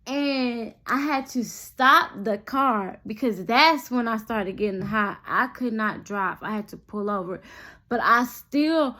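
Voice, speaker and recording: A young woman telling a storytime vlog, animated and constantly addressing her viewers directly. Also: on the high side, slow. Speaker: vlogger.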